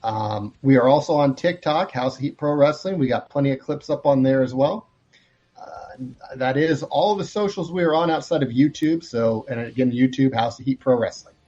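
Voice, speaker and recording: A man appearing as a wrestling promoter guest on a radio show, listing plugs haltingly with fillers. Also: medium pitch, a little mellow, lo-fi sound. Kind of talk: remote radio interview.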